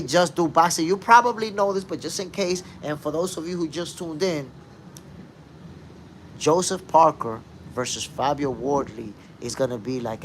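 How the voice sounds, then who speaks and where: A man hosting a casual live boxing talk stream, speaking emphatically and shouting out viewers in the chat. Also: a little high, slight background noise. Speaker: boxing show host.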